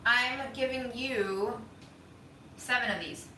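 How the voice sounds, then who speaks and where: A woman's voice: on the high side, slow pace, bright, forceful tone, recorded from a distance. A woman hosting a home cooking livestream, chatting casually and teasing her co-host. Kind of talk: casual chat. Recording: echoey room, off-mic, faint noise.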